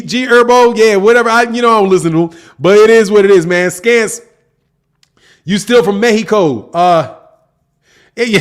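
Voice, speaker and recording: High-voiced, laughing man. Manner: laughs often, slangy, repeats "man". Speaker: boxing channel host. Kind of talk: casual livestream chat reading comments.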